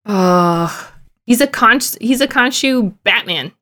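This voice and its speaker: A young woman co-hosting a casual podcast about a TV show, chatty and full of "like" fillers, with animated bursts. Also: a little high, takes it slowly. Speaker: podcast co-host.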